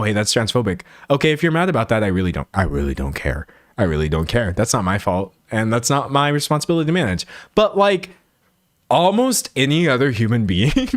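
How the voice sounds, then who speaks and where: A man chatting casually on a livestream, animated and laughing often. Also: medium pitch, no echo, clean studio sound. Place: home streaming setup in front of a pink backdrop.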